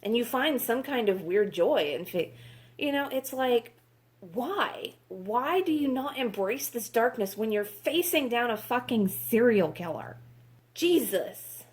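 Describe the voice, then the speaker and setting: A woman's voice: on the high side, sing-song, a little slow. A woman reviewing books in a casual vlog, exasperated, sarcastic and swearing freely. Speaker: book reviewer.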